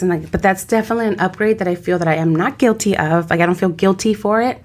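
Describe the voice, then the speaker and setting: A woman's voice: lowish voice, fast talker, hardly any pauses, darkish tone. A woman co-hosting a casual podcast chat, chatty and laughing, dropping in Spanish phrases. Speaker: podcast co-host.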